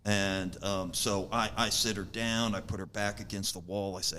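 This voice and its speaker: Low-voiced middle-aged man telling stories. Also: fairly even intonation, normal speed, hardly any pauses, pushed and bright, slight background noise. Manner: rambling, filler-heavy storyteller who acts out what people said. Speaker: podcast guest. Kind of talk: casual storytelling.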